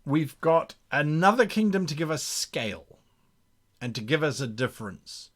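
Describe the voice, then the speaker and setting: A man game master brainstorming a campaign live, reading viewer comments aloud and thinking out loud with restarts and repeats. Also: fairly high pitch, sing-song, normal speed.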